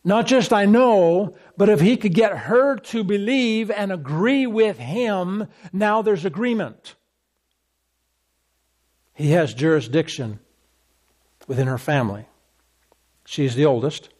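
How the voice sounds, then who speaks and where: A man with a high, bright-edged voice preaching with emphatic, repeating phrases. He drives home his point again and again, slipping into quoted lines along the way. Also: lively intonation, slow, pauses often. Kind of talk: sermon.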